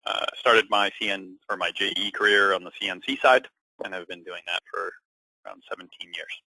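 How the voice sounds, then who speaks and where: A man's voice: deep voice, fairly even intonation, a little fast, gravelly, pushed and bright, dry recording, poor audio. A middle-aged man introducing himself on a business webinar, casual and hesitant with many fillers. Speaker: co-presenter, sales VP.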